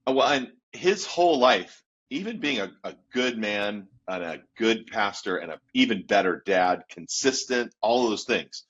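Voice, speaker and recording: A husky, fairly low male voice belonging to a youth pastor in his fifties. He tells his story in an animated, casual way and laughs along as he goes. The recording sounds dull and lo-fi. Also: moderate pace, few pauses.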